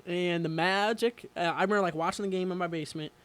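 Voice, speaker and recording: This is a young man with a high, light voice, chatting about sports on a radio show. He rambles eagerly and fills his story with likes and uhs, getting worked up as he goes. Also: fast talker. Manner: excitable, rambling storyteller with many fillers. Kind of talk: casual sports chat.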